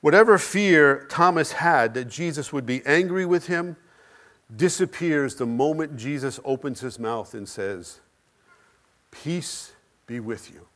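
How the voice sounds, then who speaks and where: A man preaching a sermon, building with repeated phrases, rhetorical questions and dramatic pauses. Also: fairly high pitch, expressive, fairly bright tone.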